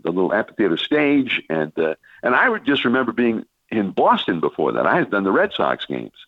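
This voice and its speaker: A man's voice: fairly low pitch, dry recording, phone-quality sound. An older man, a veteran baseball broadcaster, telling long rambling stories on a sports talk radio show. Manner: rambling anecdotal storytelling with many restarts and fillers.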